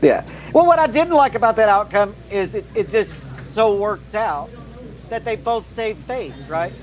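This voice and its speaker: High-voiced man, skeptical sports chat. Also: expressive, a little slow, slight background noise, rough recording. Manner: skeptical, talks through restarts and hedges. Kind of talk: casual combat sports commentary.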